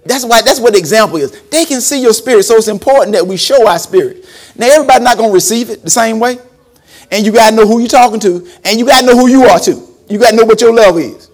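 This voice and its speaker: Animated preacher with a high voice. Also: male voice, fast talker. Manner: animated, acts out quotes, laughs often. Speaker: preacher and former school principal. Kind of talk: storytelling sermon.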